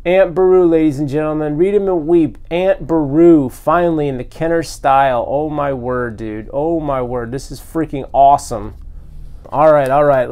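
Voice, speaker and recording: A man hosting a toy collecting vlog, unboxing custom figures with loud, gushing excitement and frequent exclamations. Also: mid-range voice. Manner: breathless from excitement.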